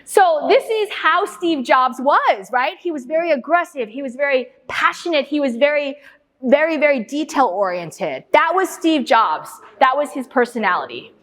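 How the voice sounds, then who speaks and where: A woman's voice: high-pitched, normal speed. A woman lecturer giving an interactive talk. She quizzes the audience, repeats their answers back and tells anecdotes, often checking in with "right?" and "okay?". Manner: lively anecdotal storyteller with frequent "right?" and "okay?". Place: large lecture hall. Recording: long hall reverb.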